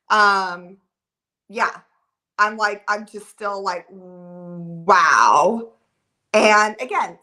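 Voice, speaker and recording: A woman's voice: fairly high pitch, pushed and bright. A woman in her thirties hosting a casual livestream and answering viewer comments. She talks in a rambling, flustered, emotional way, full of filler words. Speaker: livestream host.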